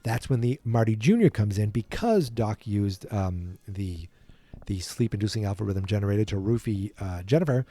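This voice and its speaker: Rambling man with a mellow voice. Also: lowish voice, dry recording. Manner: rambling, self-correcting, playful. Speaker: podcast host. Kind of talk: casual retelling from memory.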